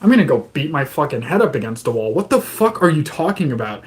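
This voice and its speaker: A man's voice: a little high, very animated, fast, hardly any pauses. A man streaming live, reading to his chat and breaking into profane, exasperated rants that stay angry but joking.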